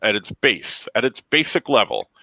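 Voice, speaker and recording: A man's voice: medium pitch, wildly swooping pitch, normal speed, creaky, pushed and bright, dry recording, low-quality recording. A man co-hosting a podcast, frustrated, often restarting his sentences with stammers in casual chat. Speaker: podcast co-host.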